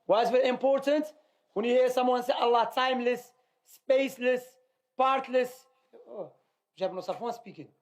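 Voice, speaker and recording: A man's voice: extremely high pitch, moderate pace. A male teacher commenting on a reading in an emphatic, repetitive way, firing off rhetorical questions. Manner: emphatic, repeats points, asks rhetorical questions. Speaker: teacher leading a religious class.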